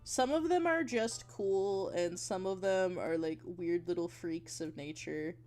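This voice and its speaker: A woman chatting casually on a livestream while she draws, gushing and giggling, with bursts of excitement and casual swearing. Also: on the low side, a little slow, faint music behind. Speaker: art streamer.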